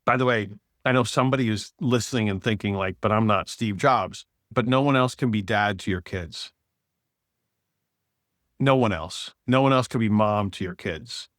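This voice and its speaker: Guy on a podcast telling a story, really animated, does little voices, dry sound. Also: lowish voice, moderate pace, no echo. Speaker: podcast guest, author and speaker. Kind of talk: casual storytelling conversation.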